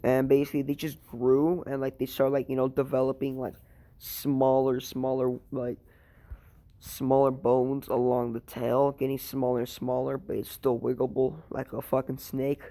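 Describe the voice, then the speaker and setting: A man's voice: medium pitch, completely flat delivery, normal speed, warm tone. A tired young man improvising a fan story, rambling and crude, full of fillers and swearing. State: tired, sleepy.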